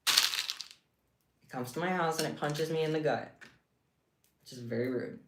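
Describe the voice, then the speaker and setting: A woman's voice: sits low, measured pace, fairly bright tone. A woman streaming live, chatting casually with her viewers and reacting with playful, dramatic exaggeration. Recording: echoey room, mic at distance, faint hiss.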